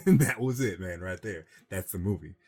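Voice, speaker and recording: A man with a very low voice talks casually on a gaming chat show. He rambles through a film's plot and dips into a growly register for the characters' quotes. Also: moderate pace, darkish tone. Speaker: podcast co-host. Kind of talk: casual chat retelling a film.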